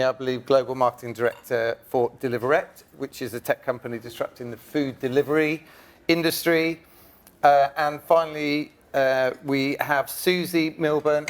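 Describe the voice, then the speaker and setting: Chatty man chairing a panel. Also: fairly high pitch. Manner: jokey, chatty, brisk introductions. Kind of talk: live conference panel hosting. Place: conference stage before an audience.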